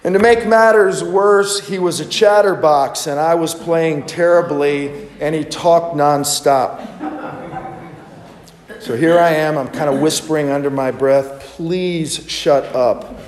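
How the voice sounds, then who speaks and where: A man's voice: fairly high pitch, steady tone, measured pace. A male pastor preaching an Easter sermon in a conversational storytelling manner, asking rhetorical questions. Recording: echoey hall with long reverb.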